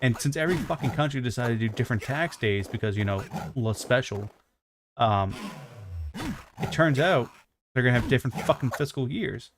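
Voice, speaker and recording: A man's voice: medium pitch, noisy background. Profane ranting male game streamer. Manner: profane, ranting, self-mocking. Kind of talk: casual gaming stream chat.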